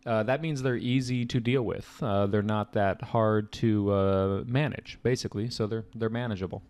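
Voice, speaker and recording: A young man explaining vocabulary answers as a test-prep tutor, chatty and casual with quick asides. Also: lowish voice, fairly even intonation, darkish tone.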